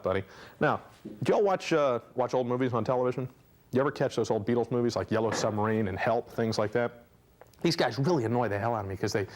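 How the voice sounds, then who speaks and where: A man's voice: medium pitch, darkish tone. A young man doing a chatty stand-up comedy routine for a student audience, laughing at his own jokes. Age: young adult. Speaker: stand-up comic host. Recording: faint noise, 1990 student TV tape.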